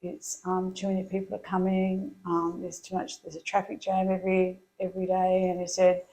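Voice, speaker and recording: A middle-aged woman telling her story as an interview guest, chatty and quick to laugh. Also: lowish voice, monotone, mellow, low-quality recording. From Australia.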